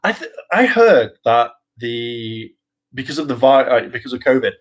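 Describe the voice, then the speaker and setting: Over poor audio, a man who vlogs and hopes to act rambles chattily at normal speed, his medium-pitched voice swinging widely. He pokes fun at himself, fills his speech with fillers, laughs, imitates voices and lets the odd swear word slip.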